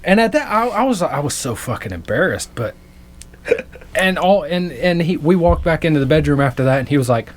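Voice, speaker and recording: A young man co-hosting a podcast speaks in a fairly high, very animated voice at a brisk pace. In casual chat with his friends, he tells crude stories and laughs often along the way.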